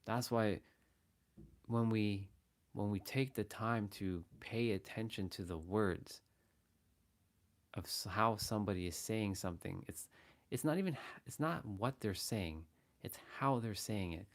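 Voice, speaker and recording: A man's voice: fairly low pitch, a little slow. A man hosting a casual motivational livestream, talking earnestly and repeating phrases as he shows different ways of saying the same words. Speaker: livestream host.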